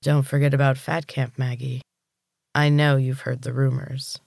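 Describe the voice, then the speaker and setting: A storybook narrator voicing a cruel man who runs a gym, speaking slowly and menacingly. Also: mid-range voice, level tone, gravelly, darkish tone, no room sound, clean studio sound, natural voice. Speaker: villain. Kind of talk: audiobook character reading.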